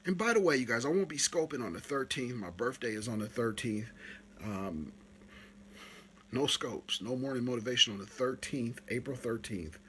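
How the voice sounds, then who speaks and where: A man hosting a live stream, coaching photographers in a casual, animated talk that climbs higher when he retells stories. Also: moderate pace, a little hiss or hum.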